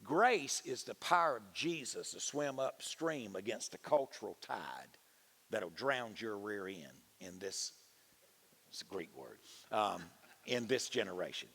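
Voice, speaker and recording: Pastor guy, gravelly, voice jumps all over from low mutter up to loud preaching. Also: animated, unhurried. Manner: folksy preaching, swings from low mutters to soaring shouts. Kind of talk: conference sermon.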